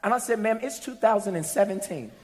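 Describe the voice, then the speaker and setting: A man preaching a sermon to a congregation, telling a story and building to shouted peaks. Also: sits high, expressive, fast, in a large hall. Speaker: pastor. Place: church hall with congregation.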